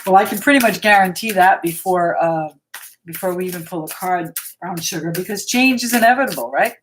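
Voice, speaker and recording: Speaking a little fast in a lowish voice, an American woman runs a live tarot reading, chatting with viewers and reassuring them as she muses between cards. There's a little hiss or hum in the audio.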